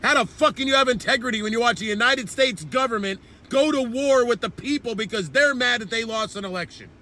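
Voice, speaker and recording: A man with a strikingly high, very bright and cutting voice delivers a furious, profanity-laced rant. He speaks as the host of his own commentary channel, heated and relentless. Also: fairly quick. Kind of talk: angry political rant.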